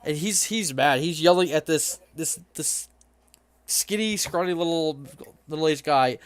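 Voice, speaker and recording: A man running a tabletop game who narrates in a loose, halting way. His voice sits fairly high for a man, and the sound is close and dry with no room around it. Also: no room sound. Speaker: game master.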